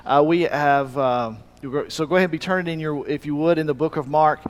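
A man's voice: a little high, brisk. A man from Alabama with a Southern accent, preaching a folksy, joking sermon that rambles loosely from point to point. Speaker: pastor. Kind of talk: sermon with humor.

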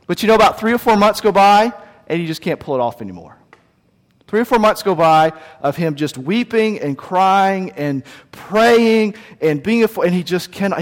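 A man preaching a sermon, telling the story with lively acted voices. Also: high-pitched, moderate pace, long reverb tail. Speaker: pastor.

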